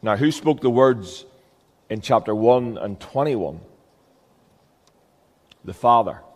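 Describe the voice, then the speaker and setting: A man's voice: mid-range voice, lively intonation, takes it slowly, darkish tone, in a large hall. A man preaching a sermon as a pastor, earnest and emphatic, with rhetorical questions.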